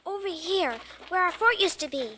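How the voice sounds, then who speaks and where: A woman's voice: very high voice, lively intonation, normal speed, sharp tone, slight background noise, full character voice. A frantic little girl. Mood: insistent. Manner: pleading, breathless, frantic. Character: frightened, insistent young girl. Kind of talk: 1950s radio drama acting.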